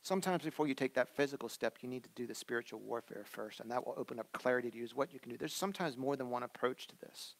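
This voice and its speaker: A man in his thirties, a pastor preaching a sermon in a conversational way, swinging between loud emphatic lines and soft, quiet asides. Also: mid-range voice, fast, vocal fry, hardly any pauses.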